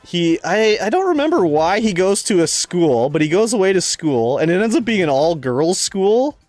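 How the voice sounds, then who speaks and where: A man's voice: high voice, big pitch swings, moderate pace, darkish tone, no echo, faint music behind. A man streaming a game in casual chat, rambling through stories, laughing often and reading game lines aloud.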